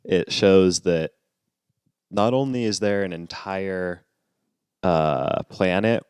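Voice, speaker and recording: Deep-voiced man, deadpan podcast co-host. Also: slow, smooth, dry recording, studio quality. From New York. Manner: deadpan, absurd jokes. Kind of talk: casual chat.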